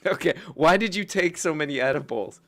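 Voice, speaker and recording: A man's voice: fairly high pitch, animated, brisk, a bit bright. A man hosting a live call-in show, chatting casually with callers and laughing often.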